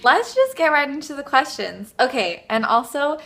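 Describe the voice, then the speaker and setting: A woman's voice: high voice, very animated, moderate pace, fairly bright tone. Bubbly young woman gushing in a fan vlog. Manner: bubbly, gushing, lots of "like" fillers. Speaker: vlogger.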